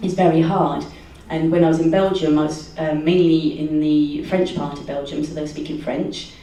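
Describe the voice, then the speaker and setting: A woman telling a personal story at a live event, measured with some hesitations. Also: deep voice, steady tone, mellow. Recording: echoey hall from far off.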